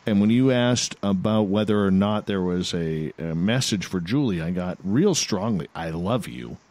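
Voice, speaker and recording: A male radio host chatting casually and reading out listeners' results in a halting, unhurried way. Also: on the low side, a little mellow, dry recording. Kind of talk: casual talk-radio chat.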